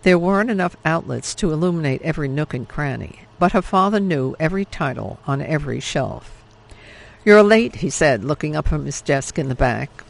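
A man narrating an audiobook with steady, measured delivery. His voice sits a touch high for a man and carries a gravelly fry. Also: poor audio.

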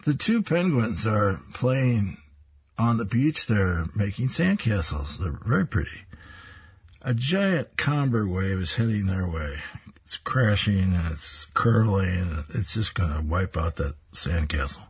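A man's voice: lowish voice, sing-song, a little slow, husky. A man reading comic strips aloud and describing each panel, chuckling between strips.

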